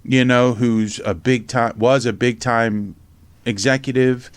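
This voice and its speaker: A middle-aged man from Pennsylvania telling his life story in a casual interview, animated and blunt, swearing freely and acting out the voices in his tales. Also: medium pitch, unhurried, clear, resonant tone, no echo. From Norristown, Pennsylvania, USA. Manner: animated storyteller, acts out quotes, swears freely, says "right?" often. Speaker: podcast host and memoir author.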